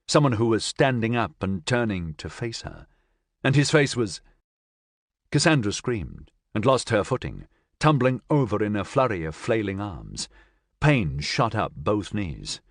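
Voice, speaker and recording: A low-voiced man narrates an audiobook from a script, telling the story in an expressive, dramatic way. The recording is dry and studio-clean.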